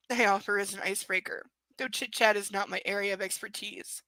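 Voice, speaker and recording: A woman reads a novel aloud in a clear, bright voice. She keeps stopping for sarcastic, amused remarks about the characters. The sound is dry and close. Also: mid-range voice, fairly even intonation, fairly quick, no room sound, rough recording. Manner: sarcastic asides, laughing at the text. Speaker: reader. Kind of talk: live book reading with commentary.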